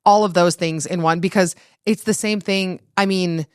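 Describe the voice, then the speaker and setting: A woman's voice: fairly low pitch, fairly even intonation, normal speed, darkish tone, clear, resonant tone, no echo, studio quality. A woman from Utah, a podcast guest in casual chat, rambling with many fillers.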